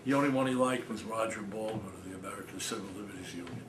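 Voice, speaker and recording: An older man telling anecdotes to an audience in a small cafe, animated and often laughing, mimicking other people's voices. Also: lowish voice, very fast. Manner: animated, laughing storyteller, mimics his father's voice. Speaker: author giving a talk. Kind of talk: anecdotal storytelling talk. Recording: roomy, distant mic, noisy.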